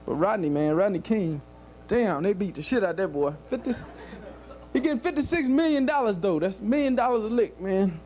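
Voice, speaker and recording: A man's voice: sits high, animated, fairly quick, muffled recording. A male stand-up comedian doing a loose, profane club set and laughing at his own jokes.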